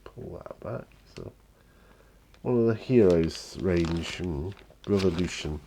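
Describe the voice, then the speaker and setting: Slow, deep-voiced man rambling. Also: expressive, gravelly, a little hiss or hum. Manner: slow, rambling, soft-spoken with frequent fillers. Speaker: miniature painting vlogger. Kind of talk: relaxed paint-along chat.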